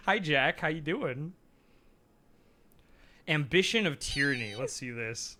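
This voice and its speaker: A man streaming a narrative game live, excitable and pleading with his chat, laughing often and reading the game text aloud. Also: a little high, takes it slowly, long pauses.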